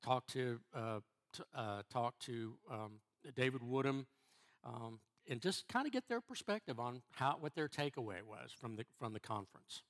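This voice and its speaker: A middle-aged man, a church elder, preaching a sermon in a halting way, repeating words and restarting before stressing key phrases. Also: medium pitch, animated, fairly bright tone.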